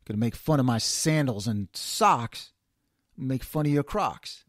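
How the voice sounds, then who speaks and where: A man's voice: medium pitch, animated, unhurried, fairly bright tone, no echo, clean studio sound. A man hosting an opinionated solo commentary, ranting and firing off rhetorical questions. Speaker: host.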